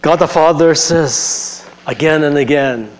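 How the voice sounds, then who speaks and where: Earnest man preaching, soft hushed turns. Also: a little high, a little slow, low-quality recording. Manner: earnest, drops to a soft hush on tender lines; conversational asides, repeats phrases. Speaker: pastor. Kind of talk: sermon.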